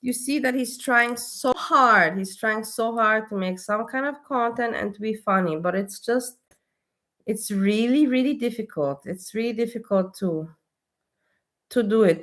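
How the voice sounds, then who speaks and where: Brief: woman with a higher voice, flatly mocking and critical as she comments on a clip. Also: moderate pace. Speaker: commentator reacting to a video.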